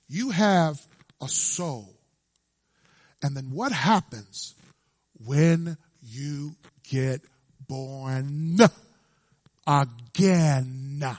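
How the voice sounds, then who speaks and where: A male preacher giving an emphatic, animated sermon and quizzing his congregation. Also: a little high, very slow, long pauses, no room sound, clean studio sound.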